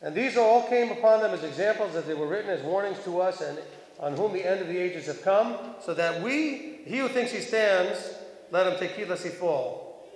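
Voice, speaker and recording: A man's voice: sits high, normal speed. A man teaching a congregation in a sermon, reading verses aloud and asking his listeners questions in a chatty way. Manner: conversational preaching, reads verses aloud, asks the listeners questions. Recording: echoey hall.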